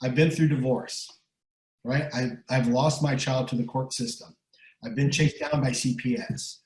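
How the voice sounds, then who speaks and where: The voice is a middle-aged man's, medium in pitch, a little mellow, fairly even in intonation, and unhurried. As an interview guest, this guest speaker and recovery coach gives a hard-pushing motivational talk full of repeated words and frequent "right?"s. The sound is roomy and the recording rough.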